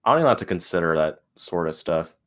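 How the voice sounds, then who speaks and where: A young man with a very deep voice shares a personal story on a casual podcast. He speaks earnestly and haltingly, hunting for his words as he goes. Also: very animated, fairly bright tone. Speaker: podcast co-host. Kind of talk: casual chat.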